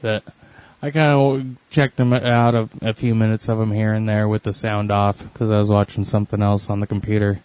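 A man's voice: lowish voice, level tone, normal speed, few pauses, darkish tone, clear, resonant tone, no room sound. Laid-back man in casual chat. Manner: rambling, laid-back storytelling.

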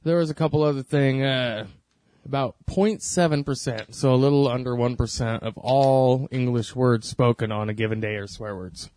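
A man's voice: medium pitch, steady tone, normal speed, darkish tone. A man co-hosting a radio talk show, chatting casually, agreeing easily and reading out bits of trivia. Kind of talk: casual chat.

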